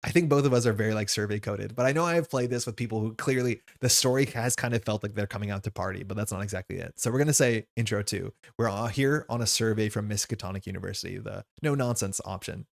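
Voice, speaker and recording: A man hosting a board game session who reads the scenario aloud and adds chatty, upbeat commentary, thinking out loud as he plays. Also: fairly low pitch, quick pace, vocal fry, few pauses. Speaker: game host.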